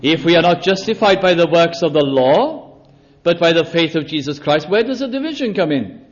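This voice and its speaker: A man preaching a sermon in a chapel, deliberate, slowing down to stress key phrases. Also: on the high side, expressive. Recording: dull lo-fi sermon recording.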